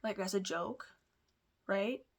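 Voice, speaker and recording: A woman vlogger chats through a personal story at a middle pitch, rambling and confiding. She backtracks, restarts her sentences and fills her pauses with "like" and "um.". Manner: rambling, lots of fillers and restarts; chatty, confiding. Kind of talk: casual storytelling.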